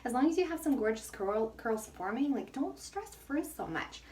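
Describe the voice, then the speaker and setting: A woman's voice: fairly high pitch, big pitch swings, normal speed, darkish tone, a little hiss or hum. Chatty breathless woman in an echoey bathroom. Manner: chatty and self-mocking, laughs often. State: out of breath from the heat. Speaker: hair care vlogger. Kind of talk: casual hair tutorial. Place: hot bathroom. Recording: echoey bathroom, mic at a distance.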